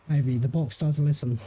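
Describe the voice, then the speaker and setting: A man's voice: a little high, fairly even intonation, a little slow, warm tone, breathy edge. A young English man chatting casually while livestreaming a game, rambling and laid-back with lots of fillers. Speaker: gaming livestreamer. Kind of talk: casual chat while streaming.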